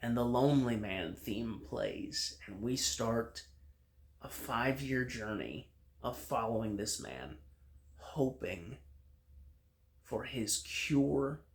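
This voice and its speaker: Casual male TV reviewer recapping a plot. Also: mid-range voice. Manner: recaps the plot with frequent fillers and restarts.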